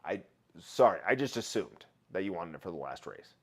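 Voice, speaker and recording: A man's voice: deep voice, very animated, a little fast. Chatty laughing man hosting a livestream. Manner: chatty, laughs often, reads chat aloud. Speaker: livestream host. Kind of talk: casual livestream chat.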